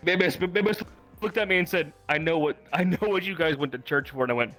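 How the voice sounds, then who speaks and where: A man's voice: fairly high pitch, fast, soft background music. A man recapping a roleplay session in casual chat, telling it animatedly and swearing often. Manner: animated storytelling, swears often, acts out quotes.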